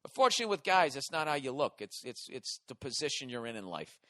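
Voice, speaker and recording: A hoarse man hosting a podcast, delivering a profane, exasperated comedic rant. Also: medium pitch, very animated, fast, fairly bright tone, no room sound. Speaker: podcast host.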